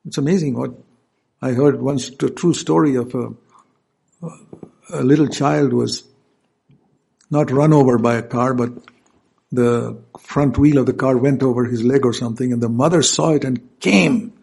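Gravelly-voiced male preacher. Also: medium pitch, a little slow, long pauses, darkish tone. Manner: earnest, stops to explain scripture verses. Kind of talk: sermon.

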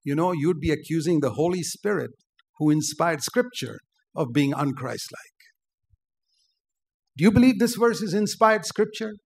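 An older man preaching a sermon, forceful and emphatic, rising to loud outbursts. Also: on the high side, lively intonation, moderate pace, creaky, long pauses, slightly rough.

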